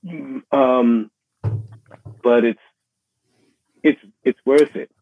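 A middle-aged man with a New York accent, a musician being interviewed, speaking in a halting, reflective way with many restarts. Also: medium pitch, steady tone. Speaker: guest musician. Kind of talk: casual interview conversation. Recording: husky voice over a tinny phone line.

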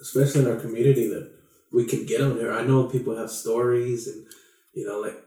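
Chill co-host guy, warm low-key voice, lots of room echo. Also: steady tone, fairly quick. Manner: easygoing, with brief agreeing replies. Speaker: podcast co-host. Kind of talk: casual podcast chat. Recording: very echoey, distant room sound.

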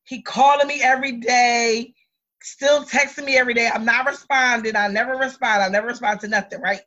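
A woman in her thirties co-hosting a podcast, telling a story in blunt, lively chat with lots of swearing. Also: on the high side, brisk, dull audio. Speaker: podcast co-host. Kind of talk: casual chat.

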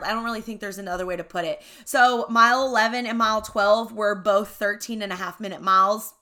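Bright-voiced woman telling a candid story. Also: medium pitch. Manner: candid, swears freely, says "right?" and "y'all". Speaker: podcast host. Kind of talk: casual storytelling monologue.

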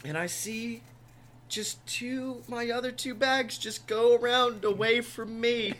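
A man co-hosting a casual comedy podcast, sick, telling stories quickly with playful bits. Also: extremely high pitch, steady tone, slight background noise. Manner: loud playful announcer bits, quick storytelling. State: sick, congested. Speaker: podcast co-host.

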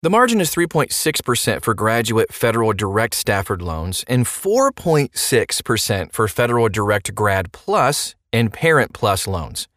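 A man's voice: lowish voice, sing-song, unhurried, hardly any pauses, fairly bright tone, no room sound, studio quality. A man hosting a podcast and explaining a money topic in a playful way, with rhetorical questions and jokey asides. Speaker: podcast host.

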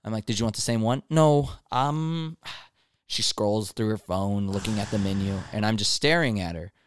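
A man's voice: fairly low pitch, moderate pace, clean tone, no echo, clean studio sound. A young man, a restaurant server, co-hosting a casual chat and telling work stories animatedly, acting out customers. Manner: animated storytelling, acts out customers. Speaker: podcast co-host, restaurant server.

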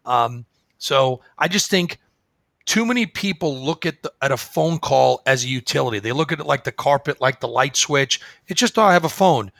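A man speaking as a guest in a conversational interview, telling stories with lively acted-out dialogue. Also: mid-range voice, moderate pace, vocal fry, no room sound. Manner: animated storyteller, acts out quoted dialogue. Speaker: guest, phone service business owner.

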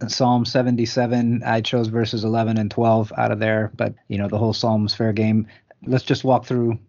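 A man interviewing a guest, setting up questions in a calm conversational way. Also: fairly low pitch, normal speed, highs cut off. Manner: even, flat delivery with brief affirmations.

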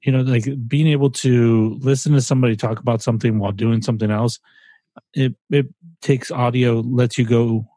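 A man's voice: mid-range voice, fairly even intonation, a little fast, warm tone, no echo. A man co-hosting a podcast, chatting casually, opinionated and joking. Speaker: podcast co-host.

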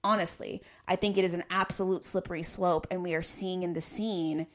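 A woman's voice: on the low side, fairly even intonation, fairly quick. A woman hosting a podcast, talking in an earnest, explanatory way and building careful arguments. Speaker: podcast host. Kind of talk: casual podcast discussion.

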